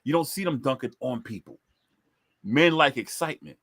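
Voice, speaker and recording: A man's voice: mid-range voice, lively intonation, normal speed, fairly bright tone. A man co-hosting a casual podcast chat about sports, repeating himself to press his points. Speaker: podcast co-host.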